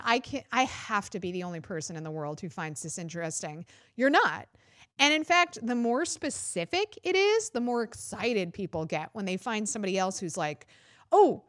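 Woman podcast host, casual and profane, animated mock quotes, dry close mic. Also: a little high, dry recording. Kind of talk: casual political comedy podcast monologue.

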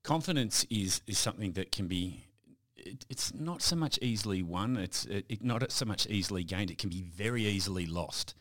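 Hosting a casual podcast interview, a man with a voice on the low side chats away at a moderate pace, his intonation lively and a bit bright. He's prone to stumbling and restarting his sentences.

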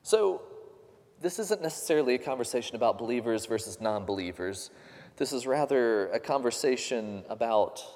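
A man's voice: mid-range voice, a little mellow, long reverb tail. A man preaching a sermon, earnest and questioning, lifting his voice when he quotes others. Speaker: pastor.

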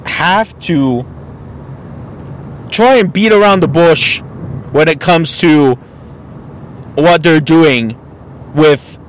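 Blunt high-voiced man ranting. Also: slight background noise, rough recording. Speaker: podcast host. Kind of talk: opinion podcast monologue.

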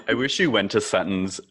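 A man's voice: fairly low pitch, big pitch swings, measured pace, a bit bright, slightly rough. A man co-hosting a podcast, chatting loosely about a reality show, laughing often and swearing casually. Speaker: podcast co-host.

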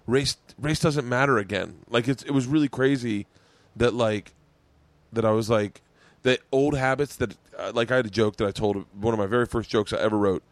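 A man's voice: medium pitch, normal speed, no room sound. A man hosting a podcast, telling stories in casual chat and acting out other people's lines as he goes. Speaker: podcast host.

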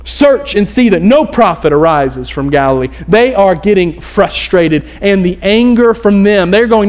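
High-voiced animated male pastor. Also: measured pace, few pauses. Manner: animated, casual storytelling with voiced quotes. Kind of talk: sermon. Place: church.

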